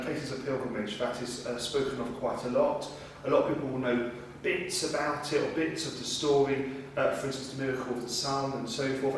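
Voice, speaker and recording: A man's voice: mid-range voice, recorded from a distance. A man interviewing a guest, asking questions hesitantly with many fillers. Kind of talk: conversational interview. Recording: very echoey room, voice off-mic, faint noise.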